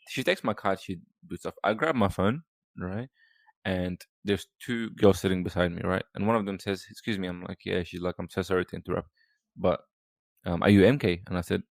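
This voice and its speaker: A podcast guest, talking casually and rambling with lots of fillers and restarts. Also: male voice, low voice, gravelly, dry recording. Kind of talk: casual chat.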